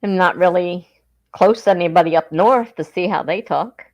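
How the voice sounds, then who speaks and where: She speaks at normal speed with a voice on the low side, a livestream host from southern New Jersey with a South Jersey accent. Chatting casually, she reads viewer comments aloud and often laughs.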